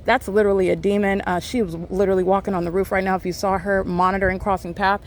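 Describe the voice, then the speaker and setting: A woman's voice: medium pitch, little pitch movement, fast talker, a little hiss or hum. A woman filming outdoors near an apartment building, talking in an insistent, repetitive, accusatory monologue full of fillers. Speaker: vlogger.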